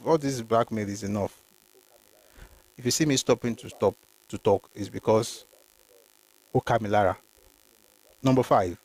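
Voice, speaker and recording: With a fairly low, darkish voice at a moderate pace, this man pauses often while hosting a history livestream. He reads documents aloud, adds emphatic commentary, names his viewers directly, and mixes in Yoruba.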